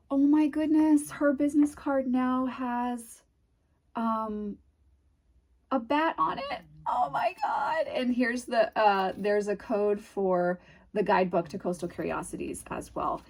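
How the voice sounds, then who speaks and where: Breathy New England woman gushing softly. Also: mid-range voice. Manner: gushing, dreamy, trails off into soft murmurs. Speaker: tarot video host. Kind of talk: casual unboxing chat.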